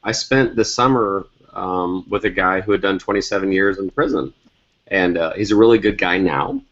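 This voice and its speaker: Husky low-voiced man on a video call. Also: normal speed. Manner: earnest, animated storytelling with stammered restarts. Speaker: guest author. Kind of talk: casual video call discussion. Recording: dull lo-fi video call audio.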